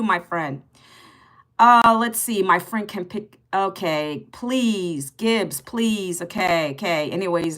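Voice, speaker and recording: A woman's voice: mid-range voice, fairly bright tone. A woman in her fifties chatting on a live stream, greeting viewers by name and answering their comments, bluntly sarcastic with rude ones. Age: 50s. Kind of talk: casual live stream chat.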